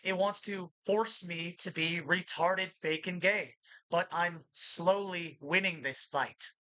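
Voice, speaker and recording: A woman's voice: fairly low pitch, slow, a bit bright, no room sound, low-quality recording. A woman vlogger in an agitated, accusatory monologue that keeps repeating itself. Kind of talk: ranting monologue to camera.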